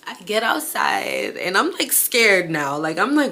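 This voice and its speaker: A woman's voice: mid-range voice, slow pace. A woman, telling a personal story in a casual, chatty vlog, full of "like" and laughter. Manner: chatty and animated, with lots of "like" and laughter. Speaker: vlogger.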